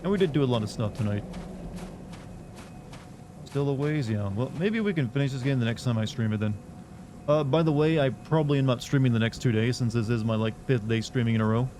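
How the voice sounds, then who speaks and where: A male streamer in casual chat, tired and yawning, thanking his viewers in a relaxed, drowsy way. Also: medium pitch, fairly quick, a little hiss or hum.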